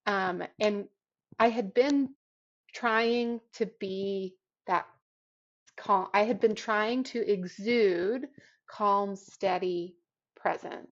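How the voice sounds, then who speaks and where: A woman guest on a podcast telling a personal story in a reflective, halting way, with many fillers and restarts. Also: mid-range voice, highs cut off. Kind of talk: casual conversational storytelling.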